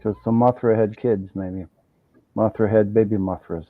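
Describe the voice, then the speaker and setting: A man hosting a casual online video chat in a relaxed, agreeable way, often murmuring along while others talk. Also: on the low side, normal speed, no room sound, narrow, tinny audio. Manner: relaxed, agreeable, fills gaps with mm-hmm. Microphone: video call mic.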